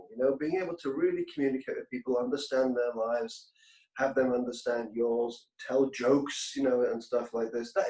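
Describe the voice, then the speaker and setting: A man's voice: medium pitch, mellow, roomy sound, poor audio. A man being interviewed, telling anecdotes in a chatty, self-deprecating way with frequent restarts. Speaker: guest, industry executive. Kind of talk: casual anecdotal chat.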